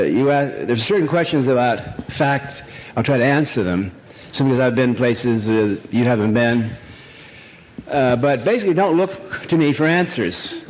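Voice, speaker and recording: An older man giving an irreverent, rambling public lecture, full of jokes and fillers, to a live audience. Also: mid-range voice. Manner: irreverent, rambling, jokey storytelling with many fillers. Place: large lecture hall. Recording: echoey hall, faint noise.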